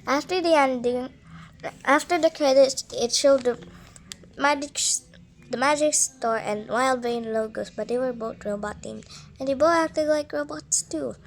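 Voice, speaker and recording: A woman reading a creepypasta story aloud, halting and stumbling with frequent restarts. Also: high-pitched, slight background noise.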